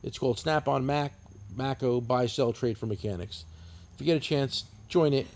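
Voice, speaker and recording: A man's voice: medium pitch, normal speed. A man in his fifties with a New Jersey accent, co-hosting a podcast and telling long, profane, rambling stories. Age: 50s. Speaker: podcast co-host. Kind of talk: casual chat.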